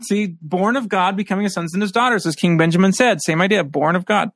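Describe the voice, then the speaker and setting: A man's voice: high voice, fast talker, fairly bright tone, no room sound, studio quality. A man teaching a scripture lesson, reading verses aloud and then commenting on them.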